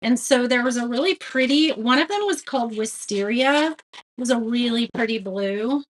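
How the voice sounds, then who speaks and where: There's slight background noise as a woman with a high-leaning voice talks at a moderate pace. Hosting a live craft tutorial, she's chatty and self-deprecating, reading viewer comments aloud and laughing at her own blunders.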